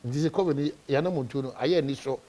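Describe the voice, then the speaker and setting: Fast-talking TV host man. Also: mid-range voice, mellow. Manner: probing, interjecting questions. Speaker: talk show host. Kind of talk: moderating a political discussion. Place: television studio.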